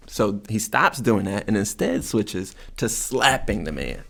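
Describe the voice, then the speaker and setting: Man, low-ish voice, casual anecdote, animated, filler-heavy delivery. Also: takes it slowly, gravelly. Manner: animated, many fillers, jumps high when quoting himself. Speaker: community member telling a story. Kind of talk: casual storytelling.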